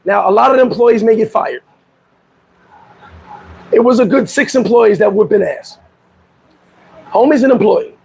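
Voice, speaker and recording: Raspy high-voiced man telling a story. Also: moderate pace, pauses often, rough recording. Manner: animated storytelling, acts out quoted voices. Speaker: vlog host. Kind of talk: casual commentary. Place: Dominican Republic.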